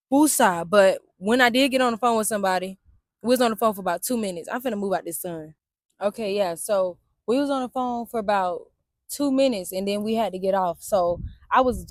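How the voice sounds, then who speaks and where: A woman's voice: mid-range voice, no room sound, clean studio sound. A young woman vlogger telling her own story outdoors in a casual, candid way, full of slang and swearing and speaking straight to her viewers. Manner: candid, slangy and profane, addresses viewers as y'all. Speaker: vlogger and Navy veteran. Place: outdoors in the sun and wind.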